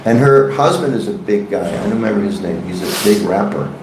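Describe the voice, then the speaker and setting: A man's voice: lowish voice, expressive, a little fast, background noise. A man teaching a devotional scripture class in a temple hall, conversational and joking, questioning his audience. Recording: echoey room.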